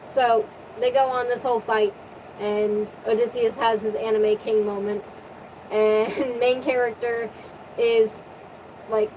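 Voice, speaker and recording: Animated woman ranting, voice tiring. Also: a little high, slight background noise, poor audio. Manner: animated, profane, rapid recap. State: voice tiring from long talking. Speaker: vlogger. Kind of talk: casual storytelling rant.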